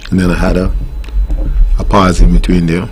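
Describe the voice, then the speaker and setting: A man's voice: low voice, little pitch movement, moderate pace, faint music behind. A middle-aged man with a Nevisian Caribbean accent, a steel pan tutor talking earnestly in a radio interview and turning firm over his rules. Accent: Nevisian Caribbean English. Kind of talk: casual interview answers. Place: radio studio.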